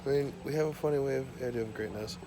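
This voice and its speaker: A man's voice: medium pitch, rapid-fire, very noisy. A man rambling and ranting to his camera at home, profane and repetitive, drifting from topic to topic. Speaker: vlogger. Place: small home.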